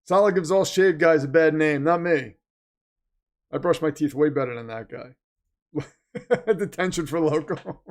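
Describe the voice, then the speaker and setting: A man's voice: on the high side, normal speed, long pauses. A man hosting a live game watch-party stream, chatting casually, joking and reading out donations. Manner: chatty, joking, reads donations aloud, mocks the team's managers. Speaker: livestream host.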